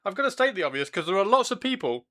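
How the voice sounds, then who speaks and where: A man chats on his livestream in a bright, slightly high voice. He rambles, repeats himself and laughs often as he greets viewers. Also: big pitch swings, very fast. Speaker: livestream host. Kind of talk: casual chat while building models.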